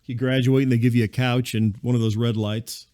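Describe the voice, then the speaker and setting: A man hosting a comedy podcast, telling a rambling story in a deadpan, conversational way. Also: medium pitch, a little fast, clean tone, dry recording, studio quality. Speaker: podcast host and narrator. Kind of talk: comedic monologue.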